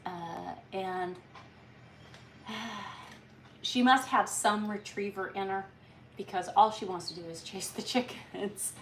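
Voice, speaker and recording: A woman's voice: medium pitch, slow, pauses often, a little hiss or hum. A woman chatting casually and rambling on a live stream from her farm home. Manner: chatty and rambling, with frequent restarts. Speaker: livestream host. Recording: roomy sound from a distant mic.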